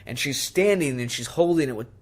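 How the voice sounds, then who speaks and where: A man chatting on a casual podcast, mid-pitched and relaxed in tone. He retells scenes with animated energy and slips into quick acted-out lines. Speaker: podcast co-host. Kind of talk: casual chat.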